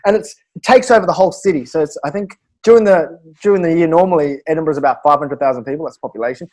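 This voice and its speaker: An Australian man, a stand-up comedian, telling animated stories in casual chat with quick restarts and laughs. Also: on the high side. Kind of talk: casual storytelling.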